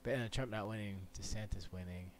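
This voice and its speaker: A man hosting a casual solo podcast, talking in an animated, rambling, jokey way full of quick asides. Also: lowish voice, a little hiss or hum. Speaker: podcast host. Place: Florida. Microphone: close studio mic.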